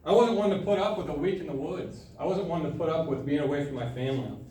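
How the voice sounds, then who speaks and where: A young man giving a sermon to a student group, telling a personal story in a casual, animated way with frequent laughter. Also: fairly high pitch, fast. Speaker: student speaker. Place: large room at a student gathering. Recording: echoey room, from far off, faint noise.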